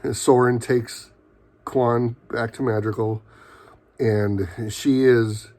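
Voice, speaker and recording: A man's voice: medium pitch, steady tone, extremely slow, darkish tone. A man giving a casual, rambling recap of a TV episode, full of fillers and quoted lines. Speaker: TV show reviewer.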